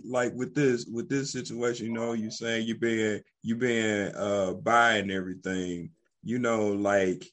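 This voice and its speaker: A man interviewing a guest in a relaxed, conversational way, stumbling over his restarts before he gets each question out. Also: mid-range voice. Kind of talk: casual interview.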